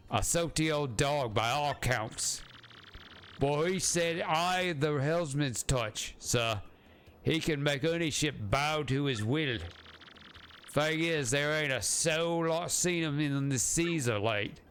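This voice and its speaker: A man's voice: a little high, animated, unhurried, creaky, sharp tone, a little hiss or hum, voice pushed up, heavily acted. A man doing a keen, fumbling crewman. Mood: hesitant. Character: eager male crewman addressing his boss.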